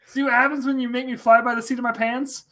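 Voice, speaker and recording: A man's voice: very high voice, level tone, quick pace, pushed and bright. A man co-hosting a podcast in casual chat, laughing often through playful banter. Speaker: podcast co-host.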